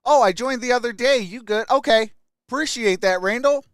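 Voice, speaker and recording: A man hosting a live stream, chatting casually and greeting viewers by name in an upbeat way. His voice sits high for a man and sounds smooth and clear. The sound is close and dry, with no room around it. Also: normal speed, a bit bright, no room sound. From Michigan. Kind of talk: casual live-stream chat reading comments.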